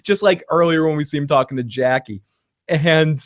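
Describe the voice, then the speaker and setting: A man co-hosting a casual TV recap chat, animated, laughing often and acting out quotes. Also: on the high side, normal speed. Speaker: podcast co-host.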